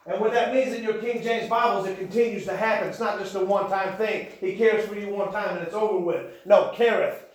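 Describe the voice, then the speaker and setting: A man preaching a sermon, building into shouted emphasis. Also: high voice, steady tone, a little fast, few pauses. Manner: impassioned, rising to shouts. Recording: echoey church room.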